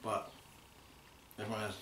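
A man co-hosting a casual taste-test chat, relaxed and thinking aloud as he compares flavors. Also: slow. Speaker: co-host. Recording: roomy room, mic a bit far, faint noise.

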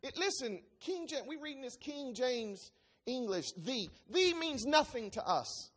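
In an expository Bible-teaching sermon, a preacher reads passages aloud and emphatically explains them line by line. The voice is high-pitched, fairly bright and husky, very animated yet unhurried.

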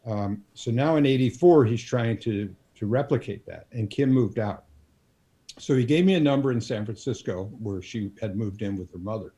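An older man in his sixties speaks as an interview guest. His voice is mellow and relaxed as he spins long anecdotes at an easy pace, with many ums and you-knows along the way. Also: on the low side. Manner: unhurried anecdotal telling with frequent fillers. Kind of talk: storytelling in a casual interview.

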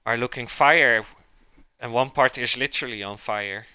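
A man's voice: mid-range voice, normal speed, pushed and bright, clean tone. A man chatting casually to his live chat while he cooks, rambling as he goes. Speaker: streamer cooking live.

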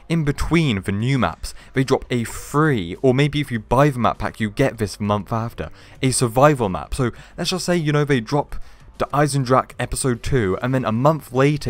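Chatty man hosting gaming commentary. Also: mid-range voice. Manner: chatty, rambling, addresses viewers as lads. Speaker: gaming video host.

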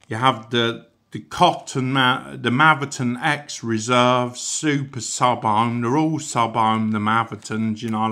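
In a casual product review, a man rambles along chattily, full of asides and peppered with "you know." His voice is mid-range with a sharp tone.

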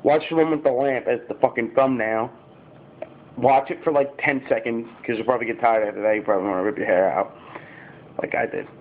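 A fifteen-year-old YouTuber chats casually to camera in a vlog, rambling, swearing and using lots of fillers. His mid-range voice is brisk with fairly even intonation, and the recording sounds tinny, like a phone.

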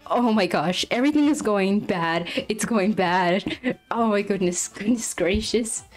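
A woman's voice: medium pitch, unhurried, soft background music. A young woman streaming live while drawing, flustered and apologetic, often laughing and exclaiming as she talks to her chat.

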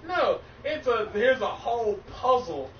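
A man's voice: very high voice, big pitch swings, measured pace. A man streaming a game, ranting in frustration with heavy cursing. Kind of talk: ranting gameplay stream chat. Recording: echoey, distant, muffled stream audio with faint noise.

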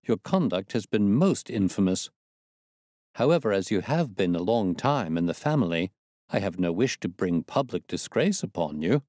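A man's voice: lowish voice, big pitch swings, moderate pace, a little mellow, dry recording, clean studio sound. A man reading the part of a stern young master who coldly dismisses his butler. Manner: cold, firm, commanding. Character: stern young country squire, master of the house.

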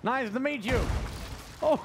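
A man streaming a pirate game as ship captain, bossing and cheering on his crew in excitable, loud banter. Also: very high-pitched, takes it slowly, very noisy. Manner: bossy, excitable, yells orders at crew. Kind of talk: excited casual gaming banter. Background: game music.

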